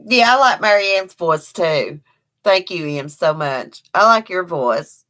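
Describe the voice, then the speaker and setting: A woman's voice: on the low side, animated, slow pace, a bit bright. A woman from Eastern Kentucky with an Appalachian accent, hosting a casual home livestream, chatting folksily and reading out viewer comments. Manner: chatty and folksy, laughs often, talks to her dog. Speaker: livestream host.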